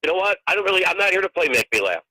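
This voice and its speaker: A man's voice: high voice, big pitch swings, racing, sharp tone. An older man, a touring comedian, telling profane road stories on a phone call. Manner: profane, ranting storyteller. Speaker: guest comedian. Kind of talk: casual storytelling. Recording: tinny phone line.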